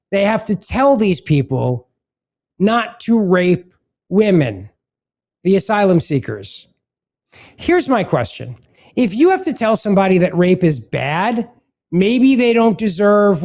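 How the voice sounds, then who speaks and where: A man's voice: high-pitched, a little mellow. A man hosting a political talk podcast, reading texts aloud and adding sarcastic asides. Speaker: podcast host.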